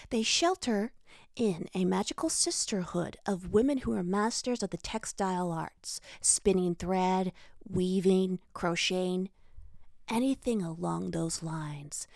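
Woman podcast host, playful self-mocking delivery, gravelly voice. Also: fairly low pitch, darkish tone, no echo, clean studio sound. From United States. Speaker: podcast host reviewing books. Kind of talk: casual solo podcast chat.

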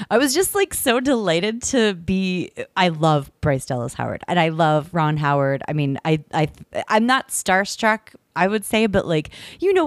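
A woman with a low voice tells a long story to her co-host. She rambles and restarts, piling up fillers as she goes, and she is recorded close and dry. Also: no echo. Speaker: podcast host. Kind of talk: casual chat. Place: in the UK, visiting family.

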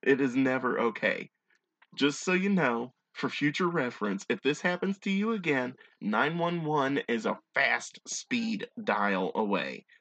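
A man's voice: mid-range voice, animated, a little slow, a bit bright, no echo. A man hosting a podcast, reading stories aloud and breaking off for sarcastic, wisecracking asides. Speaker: podcast host.

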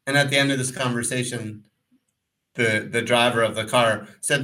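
Man, bright voice, casual podcast co-host, rambling, animated storytelling. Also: medium pitch, fairly quick, low-quality recording. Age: adult, former pro cyclist. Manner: rambling, animated, acts out quotes.

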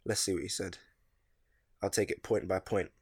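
A man's voice: sits low, fairly even intonation, moderate pace, creaky, husky. A young man, co-hosting a podcast in slangy, laid-back banter. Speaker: podcast co-host. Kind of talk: casual chat.

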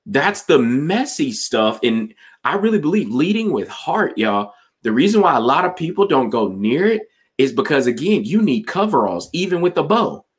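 A man's voice: fairly high pitch, very animated, normal speed. A man hosting a podcast conversation, enthusiastic and emphatic with a folksy way of talking.

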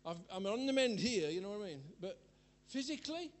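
High-voiced preacher telling stories. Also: male voice, very animated, brisk. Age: older. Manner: chatty, rambling storyteller who laughs at himself. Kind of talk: sermon with personal anecdotes.

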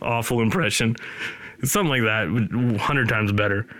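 A man's voice: on the low side, moderate pace, pushed and bright, dry recording. A man hosting a podcast from his studio, rambling loosely and teasing his co-host in casual chat.

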